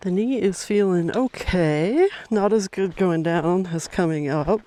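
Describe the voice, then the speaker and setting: A woman's voice: on the low side, unhurried, mellow. A middle-aged woman vlogging as she hikes a mountain trail outdoors, talking casually and rambling, with many fillers and restarts. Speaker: hiking vlogger. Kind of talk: casual narration while hiking.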